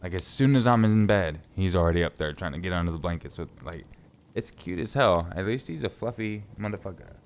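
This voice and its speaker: Man, very low voice, laid-back joking streamer, casual swearing, faint room hum. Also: animated, fairly quick. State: stuffy from sinus trouble. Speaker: live streamer. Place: closet at home.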